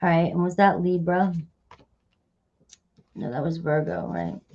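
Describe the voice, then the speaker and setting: A woman's voice: lowish voice, steady tone, unhurried, vocal fry, highs cut off. A woman giving a casual tarot reading, chatty and loose, often dropping in "all right" and "okay". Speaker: tarot reader.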